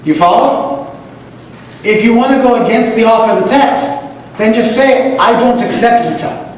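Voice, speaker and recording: A high-voiced man from the United States lectures on scripture with emphatic repetition, now and then chanting Sanskrit lines. He sounds distant from the mic, and his voice rings through a large hall with a long, echoey reverb. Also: a little hiss or hum. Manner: emphatic, repeats key phrases, chants Sanskrit verses. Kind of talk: religious lecture.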